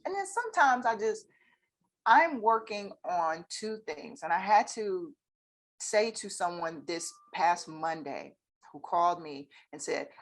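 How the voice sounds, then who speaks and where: Lively woman telling stories. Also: on the low side, a little slow. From North Carolina, USA. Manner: animated storyteller, acts out both sides of conversations. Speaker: guest, accounting firm owner. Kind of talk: casual chat.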